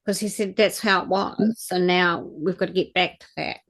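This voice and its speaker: Earnest low-voiced woman channeller. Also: steady tone, normal speed, a bit bright. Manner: earnest, rambling, restarts mid-thought. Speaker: spiritual channeller. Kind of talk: spiritual talk and guided activation.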